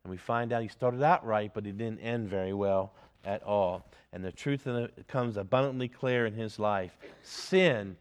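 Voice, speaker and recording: A man preaching a sermon as pastor, earnest, swinging from loud emphasis to quiet, reflective questions. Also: medium pitch, clear, resonant tone.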